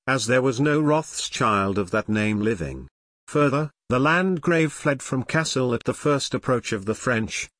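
A man narrating a history audiobook in a steady, measured reading. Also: medium pitch, no room sound, clean studio sound.

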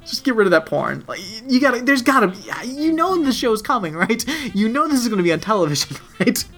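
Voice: medium pitch, very animated, fast, fairly bright tone, soft background music. A podcast co-host in casual chat, retelling a TV episode in a rambling, profane way with lots of "like". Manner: rambling and profane, heavy use of "like".

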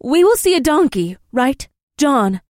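A man reading a novel aloud, voicing a dainty young female warrior who speaks slowly and asks wondering, halting questions. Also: very high-pitched, sing-song, no room sound, studio quality, voice pushed up, full character voice. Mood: awed curious. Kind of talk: audiobook character voice.

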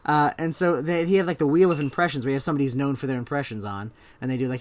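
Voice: mid-range voice, steady tone, very fast, hardly any pauses, a little mellow. A podcast co-host chatting casually, rambling and laughing while reviewing a sketch. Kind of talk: casual comedy review chat.

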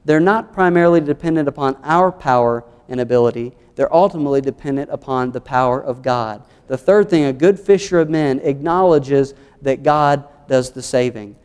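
A man's voice: medium pitch, moderate pace, few pauses, a little mellow, smooth, in a large hall. A man with a Southern American accent, an earnest pastor preaching a sermon through numbered points and scripture. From United States.

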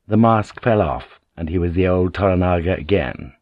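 Low-voiced male audiobook narrator. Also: measured pace, no room sound, highs cut off. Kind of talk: scripted narration.

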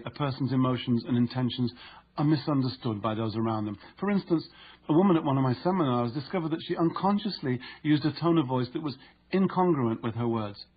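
A man narrating an instructive audiobook in a steady, explanatory way. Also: mid-range voice, slightly rough, lo-fi sound.

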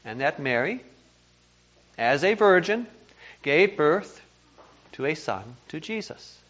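This pastor's fairly high, fairly bright voice takes on a sing-song quality as he preaches slowly. He is earnest and emphatic, sometimes stumbling over a repeated word, in a dull, lo-fi church recording.

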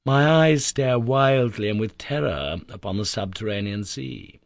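A man narrating an old adventure novel in a measured, suspenseful reading. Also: medium pitch, expressive, vocal fry, no echo, clean studio sound. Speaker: audiobook narrator. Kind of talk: dramatic storybook narration.

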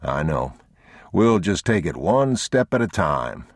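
A man playing a tired, protective father who speaks low and calm to reassure his son. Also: unhurried, no echo, clean studio sound, full character voice. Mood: steady. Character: weary, protective father, quietly steady.

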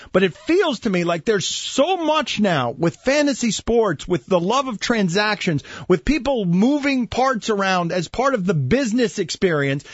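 A man's voice: high-pitched, very animated, a little slow, no room sound. A man hosting a sports talk radio show, arguing his points emphatically and throwing questions at his co-hosts. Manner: emphatic, questioning, restarts mid-thought. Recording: dull dry studio sound.

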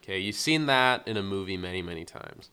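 A man's voice: sits low, animated, fairly quick, bright, forceful tone, a little hiss or hum. A man co-hosting a podcast, casually reviewing a film and retelling scenes with exasperated, acted-out quotes. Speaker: podcast co-host.

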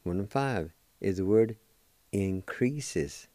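A man hosting a radio language lesson, spelling out words letter by letter and repeating each one slowly for listeners to practice. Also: low voice, expressive, warm tone, no echo. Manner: slow, careful spelling out of letters and syllables; repeats each word several times for practice.

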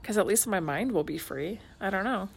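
A woman's voice: medium pitch, lively intonation, fairly quick, gravelly, breathy edge. Thirties woman, mom and podcast co-host; loose, laughing, rambling casual chat. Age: 30s. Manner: chatty, laughs often, lots of "like" fillers.

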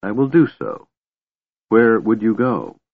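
A man voicing a grave, earnest sea elf woman who speaks in a measured, formal way. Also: fairly low pitch, sing-song, slightly rough, dry recording, full character voice. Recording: narrow phone-like dry audio.

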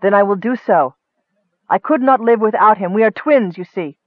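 A man voicing a proud, defiant young woman who is a swordswoman, speaking forcefully. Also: high voice, brisk, dry recording, pitched above the performer's own voice, lightly acted. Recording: tinny phone-like dry sound.

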